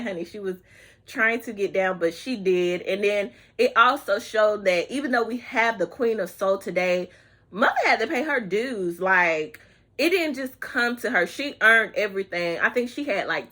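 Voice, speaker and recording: Sassy woman vlogger calling everyone honey. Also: medium pitch. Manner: sassy and expressive, drawn-out words, breaks into snatches of song; talks straight to viewers with terms like honey and child. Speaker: YouTube vlogger reviewing a movie. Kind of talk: casual chatty movie review.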